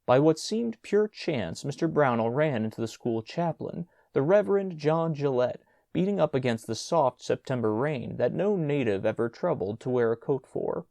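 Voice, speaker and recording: A man narrating a classic short story as an audiobook, with expressive storytelling. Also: medium pitch, normal speed, creaky, hardly any pauses, dry recording, studio quality. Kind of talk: audiobook reading.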